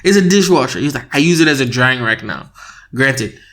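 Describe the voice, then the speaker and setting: A young man co-hosting a casual podcast with his wife, telling an animated story, laughing often and acting out both sides of an argument. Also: mid-range voice, brisk. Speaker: podcast co-host. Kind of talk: casual married-couple podcast chat.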